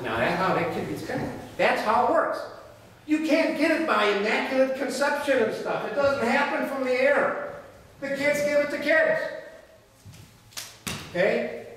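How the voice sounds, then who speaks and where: A middle-aged man lectures a class in a folksy, colloquial manner, his voice pitched fairly high. He sounds far from the microphone, and the room rings with a long, echoing reverb. A faint hiss sits under the recording. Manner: folksy, animated storytelling, colloquial. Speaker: veterinary technology professor. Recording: echoey hall, voice from far off, faint noise.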